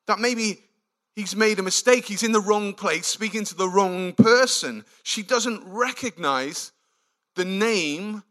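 A man delivers a sermon in a bright, fairly high voice. He takes his time and brings the story to life by acting out the lines of its characters. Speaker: preacher.

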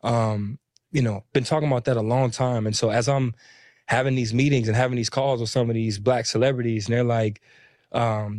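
A man's voice: mid-range voice, steady tone, a little fast, a little mellow, dry recording, studio quality. A young man who founded a clothing brand, speaking earnestly and often checking in with "you know what I'm saying.". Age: young adult. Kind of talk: interview answer.

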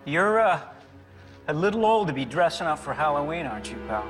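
An actor playing a suspicious small-town sheriff who talks in a gruff, confrontational way, in a TV clip. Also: male voice, a little high, sing-song, fairly quick. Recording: TV clip with loud background music.

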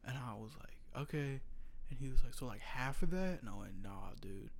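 A young man, a butcher from North Carolina, tells stories from behind the counter in loose, profane chat. His voice has a gravelly fry, and he slips into the voices of his customers. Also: mid-range voice, animated, moderate pace. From North Carolina, USA. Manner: profane, storytelling, acts out customers. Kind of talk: casual chat.

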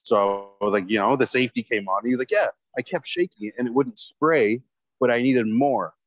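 A man's voice: mid-range voice, brisk, no echo, low-quality recording. Swearing man telling a rambling story. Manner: rambling, heavy swearing, lots of fillers. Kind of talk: casual storytelling chat.

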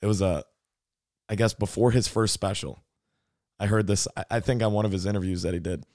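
Low-voiced laid-back male podcaster. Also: steady tone, a little fast, darkish tone, dry recording, clean studio sound. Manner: loose, laughing, retells anecdotes with voices. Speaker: podcast host. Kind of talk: casual chat.

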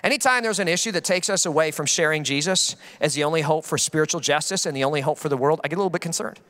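A man's voice: on the high side, rapid-fire, a bit bright, in a large hall. A man, a pastor, preaching a sermon with passionate emphasis and acting out the voices he quotes.

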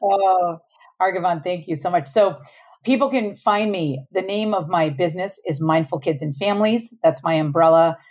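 Low-voiced woman guest, mellow tone. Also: normal speed. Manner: warm, earnest, laughs often. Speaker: podcast guest, parenting coach. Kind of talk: casual interview talk.

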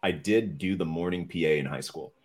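Casting: deep-voiced man, French speaker, lower pitch, chatty guest full of fillers. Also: fairly quick. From Canada. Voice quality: deep, radio-like voice. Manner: rambling, self-deprecating storyteller with many fillers. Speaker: podcast guest. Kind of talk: casual chat.

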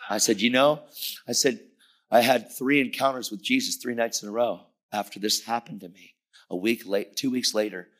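A middle-aged man preaching a testimony sermon, animated, acting out dialogue and dropping at times to a whisper. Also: fairly low pitch. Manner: animated storytelling, acts out dialogue, drops to whispers.

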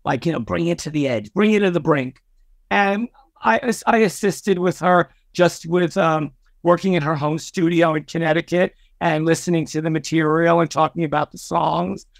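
Older New man, talkative guest storyteller with a raised pitch. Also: normal speed, vocal fry, dry recording, clean studio sound. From Brooklyn, New York. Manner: chatty, warm-hearted, many fillers and restarts. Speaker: podcast guest, record executive. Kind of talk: storytelling interview.

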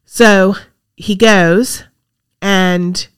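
Middle-aged woman chatting, tells stories and does everyone's lines, mid pitch. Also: steady tone, very slow, smooth. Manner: chatty storyteller, acts out quotes. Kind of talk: casual chat.

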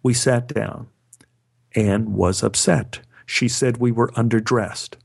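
A male storyteller with a middle-pitched voice, narrating a scripted personal tale. His delivery is wry and dry, landing jokes with a straight face. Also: fairly even intonation, takes it slowly, gravelly, slightly rough. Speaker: storyteller, actor.

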